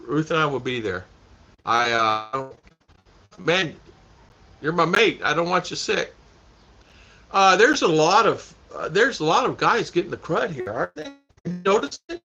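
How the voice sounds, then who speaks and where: Another vlog host reads his live chat aloud on a laid-back stream, laughing a lot and circling back over the same points. He sounds a little high, creaky and sharp, captured in muffled lo-fi audio.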